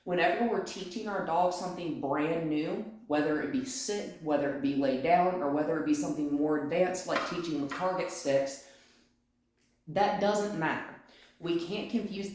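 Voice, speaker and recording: A woman's voice: deep voice, normal speed. A woman dog trainer giving a hands-on training lesson, explaining each step aloud and often checking in with "right?". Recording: very echoey room, faint noise.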